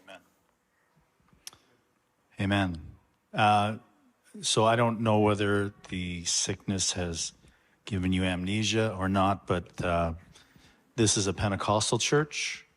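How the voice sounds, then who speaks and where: A man interviewing a guest for his church, speaking in a steady, plain way. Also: on the low side, slow pace, long pauses.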